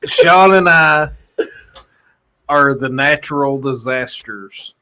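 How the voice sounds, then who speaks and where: A man co-hosting a podcast in casual chat, chiming in with quick jokes. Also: a little high, poor audio. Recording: loud background noise.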